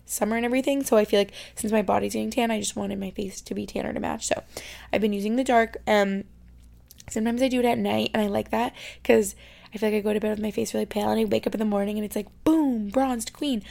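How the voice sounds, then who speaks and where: A young woman from New York State chatting casually as a podcast host, full of "like" fillers and sometimes dropping into soft, whispery asides. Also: mid-range voice, fairly even intonation, fast talker, gravelly. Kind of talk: casual chat. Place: her bedroom.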